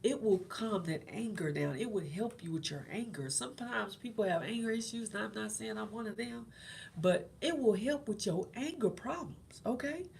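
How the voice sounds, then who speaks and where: Gravelly-voiced woman giving casual faith talk. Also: medium pitch, expressive, normal speed, darkish tone, a little hiss or hum. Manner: conversational and encouraging, repeats phrases. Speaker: host.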